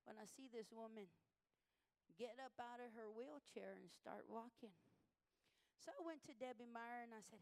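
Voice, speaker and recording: A woman preacher giving a sermon testimony, telling stories in an animated way and acting out what people said. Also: on the high side, normal speed, creaky, poor audio. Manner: animated storytelling, acting out quotes.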